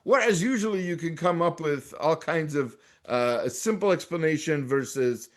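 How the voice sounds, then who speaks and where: American rabbi teaching a Torah class. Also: male voice, fairly high pitch, lively intonation, normal speed. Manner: explains Hebrew texts by reading them aloud and translating, with many restarts.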